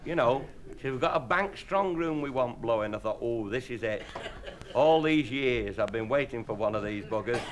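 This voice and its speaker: A man's voice: medium pitch, expressive, moderate pace. A man telling rambling, bawdy comic anecdotes as an after-dinner speaker, chuckling as he goes. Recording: hissy old live tape recording. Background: audience laughter.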